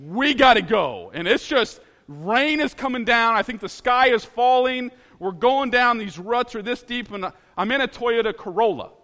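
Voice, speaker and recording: A man from Ohio telling a personal story in an animated, dramatic way, laughing at himself as he goes. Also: very high-pitched, normal speed, long reverb tail.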